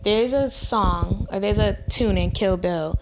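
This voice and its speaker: A woman's voice: a little slow, noisy background. Young woman podcast host ranting thru a story, swears a lot, voice shoots way up on quotes. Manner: animated, profane, jumps high when quoting. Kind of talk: casual storytelling chat.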